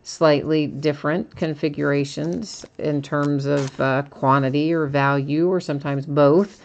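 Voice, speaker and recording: A woman's voice: low-pitched, unhurried, lo-fi sound. A woman hosting a live card-opening stream, listing cards and answering viewers casually. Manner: casual, reads card names in a steady list, answers viewers by name. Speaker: card-breaking stream host.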